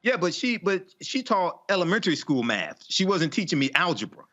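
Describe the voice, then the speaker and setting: A man's voice: sits high, sing-song, a little fast, fairly bright tone, dull audio. A male panelist defending himself with flustered, stammering restarts.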